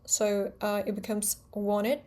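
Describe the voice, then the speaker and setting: A woman with a Russian accent who speaks Russian natively, explaining her own accent-training method in quick, precise steps and stressing example sounds. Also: on the high side, fairly even intonation, darkish tone. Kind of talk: explanatory talk to camera.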